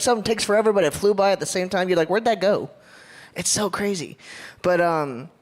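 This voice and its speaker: A man from Ohio giving a casual, upbeat church leadership talk, joking and drawing in the audience. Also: sits high.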